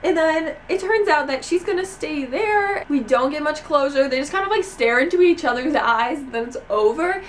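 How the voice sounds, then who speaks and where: A young woman reviewing a book in a casual vlog, gushing and excitable, with lots of "like" fillers. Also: high voice, normal speed, few pauses, a little hiss or hum. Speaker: book vlogger.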